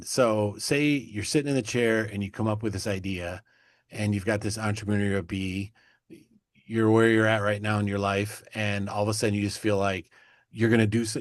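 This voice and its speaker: A man's voice: lowish voice, no echo, clean studio sound. A man hosting an interview, asking long, enthusiastic, rambling questions. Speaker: podcast host.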